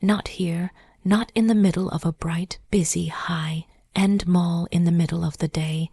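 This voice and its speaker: A woman voicing a cruel, smug wealthy ex-husband in a low, smooth, taunting whisper, as whispered role-play. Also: steady tone, measured pace, warm tone, no echo. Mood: cold menace.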